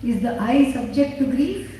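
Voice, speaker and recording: A high-voiced woman lecturing on scripture, her mellow tone carried through a very echoey hall. She asks questions and answers them herself, with dry humor. She is recorded from far off on a phone in the audience, with a faint hiss behind her. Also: moderate pace. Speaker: spiritual teacher.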